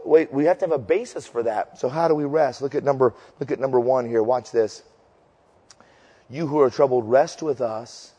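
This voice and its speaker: This sermon comes from a pastor in his 50s who tells stories at full volume and shouts the punchlines, then slows down and lowers his voice for the point. It has a big-room sound.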